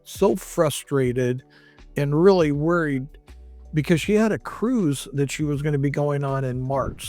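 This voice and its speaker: Recorded dry, a man with a warm, fairly high voice tells a patient's story as a chiropractor, keeping it conversational. He dramatizes other people's words by quoting them loudly.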